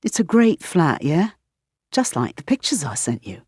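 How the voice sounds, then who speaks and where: A woman's voice: low voice, very animated, moderate pace, darkish tone, slightly rough, no room sound, clean studio sound, heavily acted. A woman voicing a cheerful young British man, a grad student, eager and chatty.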